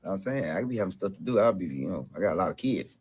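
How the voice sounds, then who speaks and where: A man's voice: low voice, animated, darkish tone, breathy edge. A man acting in a comedy skit as a laid-back father of many kids, speaking slangy and evasive. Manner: fast, slangy, dodging questions.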